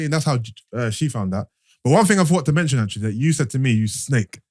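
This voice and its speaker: A man's voice: mid-range voice, quick pace, no room sound, studio quality. A man hosting a podcast, telling a story and teasing his co-hosts in casual banter. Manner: teasing, storytelling with lively put-on quotes. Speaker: podcast host.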